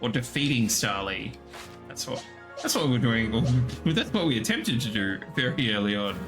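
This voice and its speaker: A man's voice: expressive, moderate pace, over music. Playful man streaming a video game. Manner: playful, squeaks high at creatures. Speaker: gaming streamer. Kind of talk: casual game commentary.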